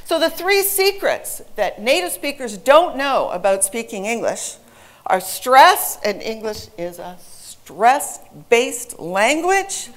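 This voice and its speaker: Woman, forties, English teacher, presentation talk, higher voice, animated and humorous. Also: takes it slowly. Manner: lively storytelling with humorous asides.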